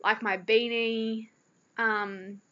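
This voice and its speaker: A teenage girl with a New Zealand accent chats to her camera with a slightly high voice. She rambles through a story with plenty of fillers. The recording sounds dull and lo-fi. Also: flat delivery, drawn-out words, pushed and bright. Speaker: vlogger. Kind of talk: casual chat.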